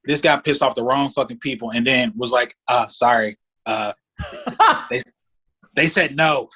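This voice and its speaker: A man's voice: mid-range voice, measured pace, slightly rough. A man as a podcast guest, telling a story in casual, profane talk and acting out the voices of the people in it. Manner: profane, animated, acts out voices in anecdotes.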